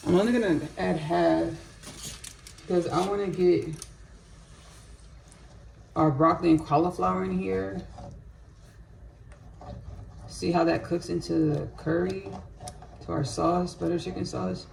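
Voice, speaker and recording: Woman, home cooking vlog, rambling chatty talk, gravelly voice, faint background noise. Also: lowish voice, steady tone, a little slow, long pauses, darkish tone. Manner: rambling, chatty, drifts into spiritual asides. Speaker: home cook vlogger. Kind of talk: casual cooking commentary. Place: home kitchen.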